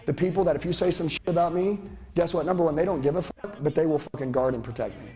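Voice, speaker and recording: High-pitched, intense male sales trainer. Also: fast talker, faint music behind. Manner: intense, profane, shouting and lecturing. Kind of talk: motivational seminar speech. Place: seminar room with live audience. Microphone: handheld mic.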